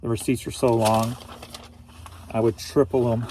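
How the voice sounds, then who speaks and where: A man's voice: medium pitch, little pitch movement, unhurried, mellow, a little hiss or hum. A middle-aged man from St Louis, Missouri, an online reseller, telling stories in a casual, joking vlog monologue. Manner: storytelling, offhand and joking.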